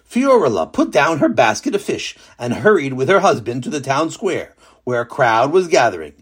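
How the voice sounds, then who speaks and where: A man narrating a children's story with a lesson at the end, lively and animated. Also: on the high side, moderate pace, few pauses, breathy edge.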